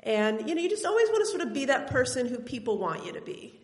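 A woman's voice: sits high, sing-song, fast talker. A woman from Tennessee telling a personal story on stage, in a conversational, wry way with bits of laughter. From Tennessee, US South. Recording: roomy hall reverb.

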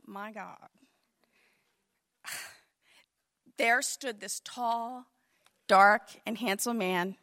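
Bright high-voiced woman telling a comic story. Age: middle-aged. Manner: animated, acts out quotes in shifting voices.

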